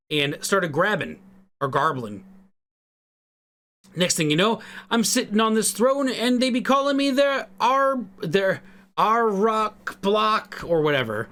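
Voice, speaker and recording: A man's voice: sits high, a bit bright, voice pushed up, full character voice. A man voicing a bumbling, smelly male goblin-tribe leader in a put-on Irish accent, rambling in a chummy sing-song way. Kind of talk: reading game dialogue aloud.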